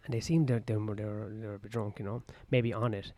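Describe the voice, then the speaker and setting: A stand-up comedian, rambling crudely and jokingly in a casual vlog, recorded outdoors on a patio. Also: male voice, fairly low pitch, fairly even intonation, quick pace, mellow.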